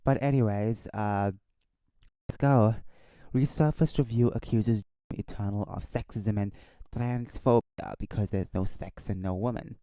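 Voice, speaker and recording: A man's voice: fairly low pitch, steady tone, a little slow, warm tone, smooth, no echo. A man hosting a casual live stream, rambling and correcting himself as he chats and reads out news on a desk microphone. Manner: rambling, self-correcting, chuckling asides.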